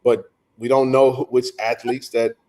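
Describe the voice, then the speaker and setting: A man's voice: medium pitch, little pitch movement, moderate pace, mellow. A man hosting a casual livestream chat, talking in loose rambling runs with frequent restarts. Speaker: host.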